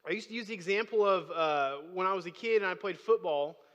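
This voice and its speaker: High-voiced preaching man in a reverberant hall. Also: brisk, fairly bright tone, muffled recording. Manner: conversational preaching, rising to emphatic bursts. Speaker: pastor. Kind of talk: sermon. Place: church sanctuary.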